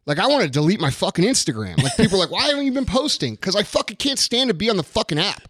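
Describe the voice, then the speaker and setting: Fired-up profane man with a high voice. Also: sing-song, quick pace, fairly bright tone, husky, dry recording, studio quality. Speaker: podcast host. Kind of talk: casual ranting talk.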